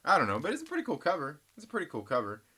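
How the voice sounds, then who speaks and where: A man's voice: on the high side, huge pitch swings, racing, bright, forceful tone, slightly rough. A man hosting a comic book channel, chatting casually and rambling, joking and teasing and addressing viewers as guys. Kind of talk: casual rambling vlog chat.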